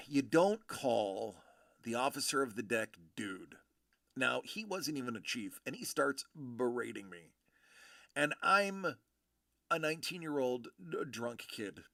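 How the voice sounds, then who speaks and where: A man in his thirties telling a story in casual chat, acting out the people in it with animated voices. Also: on the high side, gravelly, dry recording, studio quality. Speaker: show host telling a story.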